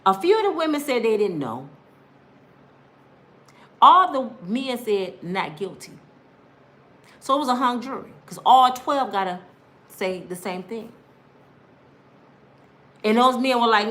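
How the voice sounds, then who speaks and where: Her voice leans high and a bit bright, with a sing-song lilt, an unhurried pace, and long pauses. A woman in her fifties, she recounts her life in an emphatic, impassioned, preachy monologue, speaking directly to listeners and dramatizing others' quoted words.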